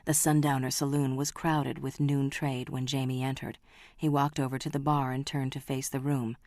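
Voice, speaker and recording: Audiobook narrator: woman, very deep, dry, dramatic and measured. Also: level tone, a little mellow, no room sound.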